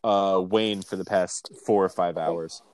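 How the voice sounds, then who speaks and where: A man's voice: deep voice, steady tone, unhurried, a little mellow. A man co-hosting a casual podcast, rambling with lots of restarts and fillers. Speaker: podcast co-host.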